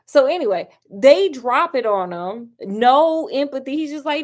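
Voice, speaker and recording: Chatty woman with a higher voice. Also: unhurried, hardly any pauses. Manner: animated, chatty, calls viewers girl and honey. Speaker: film review vlogger. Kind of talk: casual chatty film review.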